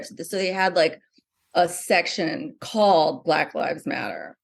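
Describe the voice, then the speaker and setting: A woman's voice: low-pitched, measured pace, gravelly. A middle-aged woman, a novelist being interviewed, talking animatedly with many fillers and restarts. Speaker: novelist guest. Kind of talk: conversational interview.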